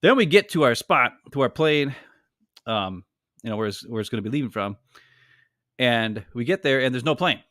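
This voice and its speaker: A man in his forties, a podcast co-host telling a story in a casual, rambling, animated way. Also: mid-range voice, normal speed, pauses often, no echo, studio quality. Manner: rambling, animated, heavy use of "like".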